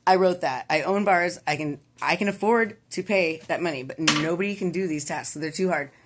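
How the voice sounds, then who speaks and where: A woman voicing a gruff small-town male bartender who talks in a profane, matter-of-fact way. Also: lowish voice, fairly quick, noisy background, natural voice. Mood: grumbling.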